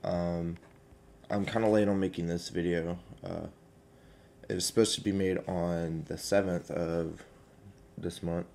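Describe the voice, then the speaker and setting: A young man, telling a personal story in a casual vlog, hesitant and halting with many fillers. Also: low voice, little pitch movement, gravelly, darkish tone, a little hiss or hum. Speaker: vlogger.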